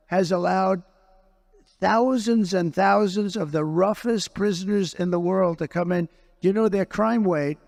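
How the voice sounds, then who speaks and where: A man with a fairly high speaking voice talks in an unscripted interview. He hammers his points and keeps repeating phrases. He speaks as a politician answering a host's questions. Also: vocal fry, a little mellow. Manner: emphatic and repetitive, circles back to phrases.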